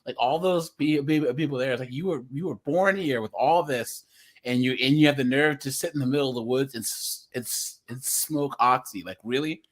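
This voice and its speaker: A man's voice: mid-range voice, moderate pace. A man from the United States hosting a livestream, giving casual, rambling reaction commentary. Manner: rambling, restarts. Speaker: livestream host.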